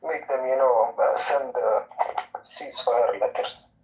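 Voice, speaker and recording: A man's voice: medium pitch, steady tone, measured pace. A man trolling the other caller in a provocative, mock-sincere way, drawling with lots of fillers. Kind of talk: trolling online chat. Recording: distant lo-fi audio.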